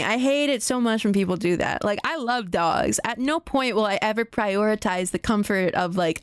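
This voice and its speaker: A young woman chats on a livestream, rambling and swearing as she rants, often stopping to restart a sentence. Her voice sits at an ordinary pitch for a woman. The sound is dry and close, with no room around it. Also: dry recording. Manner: rambling, profane, animated rant with frequent restarts. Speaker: streamer. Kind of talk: casual livestream chat.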